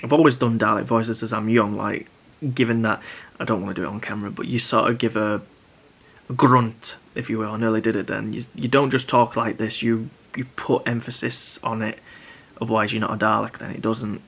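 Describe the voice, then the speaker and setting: A man's voice: lowish voice, flat delivery, a little fast, creaky, a bit bright, slightly rough. A young man chatting casually to camera about building props, rambling with many restarts. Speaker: prop maker vlogger.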